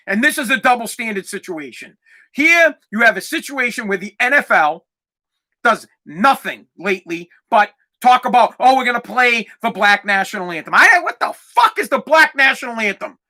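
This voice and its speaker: In a casual ranting monologue, a young adult podcast host gets heated and swears, echoing his own words when he's riled up. He speaks in a very high, bright, forceful voice.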